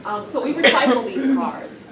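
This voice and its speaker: A woman's voice: fairly high pitch, moderate pace, a loud crowd. A woman from New York giving a friendly, chatty guest talk with slides at a meeting. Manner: friendly, self-deprecating, chatty. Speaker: guest speaker. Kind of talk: presentation with slides. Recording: echoey room, distant mic, noisy.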